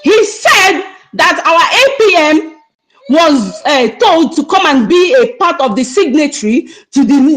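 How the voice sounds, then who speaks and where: A woman with a Nigerian accent, middle-aged, rants angrily on a livestream. Her voice sits high and she scolds in repeated bursts. She talks to her audience directly. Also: fairly bright tone, low-quality recording. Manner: angry, scolding, repetitive. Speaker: online activist speaker. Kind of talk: heated livestream rant.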